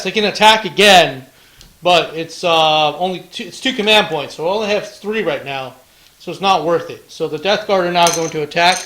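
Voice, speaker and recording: A man's voice: on the high side, fairly bright tone, rough recording. A man hosting a tabletop wargame battle report, chatting casually through the play, counting dice aloud and throwing in playful taunts.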